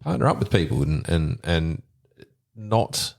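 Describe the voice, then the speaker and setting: A man hosting a podcast, talking in a friendly, slightly halting way. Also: sits low, animated, gravelly, a little mellow. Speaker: podcast host. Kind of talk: casual chat.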